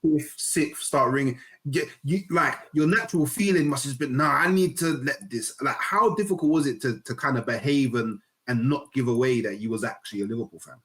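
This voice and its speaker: A man's voice: medium pitch, brisk, hardly any pauses. A man hosting a casual interview, asking eager, conversational questions. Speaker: interviewer, host.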